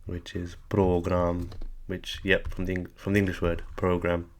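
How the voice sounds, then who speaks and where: A man's voice: deep voice, completely flat delivery, moderate pace. A man teaching a tutorial lesson, explaining patiently and correcting himself as he goes. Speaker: language teacher.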